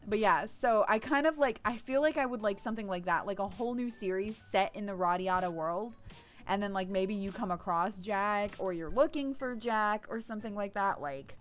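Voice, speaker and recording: A woman's voice: mid-range voice, normal speed, faint music behind. Chatty woman rambling over a game. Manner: chatty, rambling with many fillers. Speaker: let's play host. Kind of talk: casual gameplay commentary.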